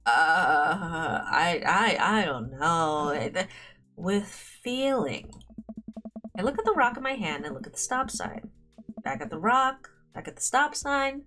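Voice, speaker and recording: A woman's voice: on the low side, sing-song, takes it slowly, sharp tone. A young woman streamer reading a dating game aloud, playful and giggly, breaking into commentary. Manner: giggly, playful, frequent laughter. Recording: faint game music behind.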